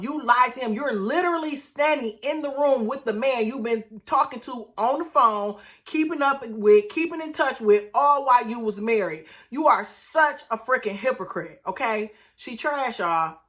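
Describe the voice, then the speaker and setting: Bright-voiced woman recapping reality TV. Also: on the high side. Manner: animated, outraged, talks to viewers as y'all. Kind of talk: casual recap commentary.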